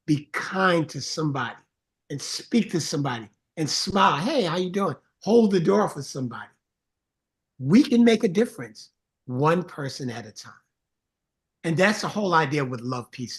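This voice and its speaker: A man with a somewhat high voice speaks as a songwriter guest in a relaxed interview. He tells stories earnestly and turns lively when mimicking the greetings he gives strangers. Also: moderate pace. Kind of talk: casual interview chat.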